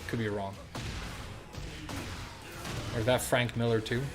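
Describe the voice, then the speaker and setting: A man's voice: medium pitch, fairly even intonation, unhurried, music in the background. A young man streaming a game, chatting loosely with lots of fillers and casual swearing. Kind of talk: casual chat while gaming.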